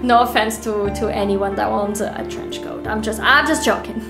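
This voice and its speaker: A young woman streaming a horror game, reading the text aloud with animated, giggly reactions between stretches of calm narration. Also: medium pitch, moderate pace, over music. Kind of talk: reading a horror visual novel aloud while playing.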